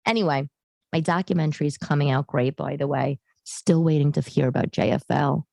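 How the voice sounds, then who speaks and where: Middle-aged woman podcast host, low-pitched, rambling and self-deprecating, dry room. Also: a little fast, creaky, a little mellow, no room sound. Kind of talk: casual solo chat. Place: living room.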